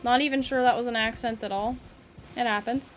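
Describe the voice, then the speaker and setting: A woman's voice: fairly high pitch, steady tone, fairly quick, faint music behind. A young woman chatting casually with viewers while streaming a game, giggly and reactive. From Canada. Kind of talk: casual live-stream chat while gaming.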